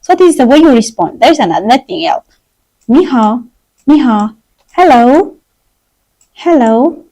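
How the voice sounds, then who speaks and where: A woman teaching a live-streamed language lesson, drilling words slowly for learners to repeat, in simple non-native English. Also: on the high side, very animated, dark tone, low-quality recording. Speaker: Chinese teacher.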